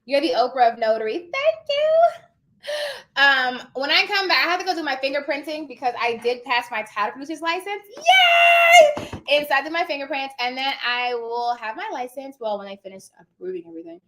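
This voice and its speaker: A woman's voice: high-pitched, lively intonation, a little fast, a bit bright. A woman in her thirties hosting a live stream, giving emphatic motivational advice straight to her viewers in a casual way. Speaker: live-stream host and notary coach.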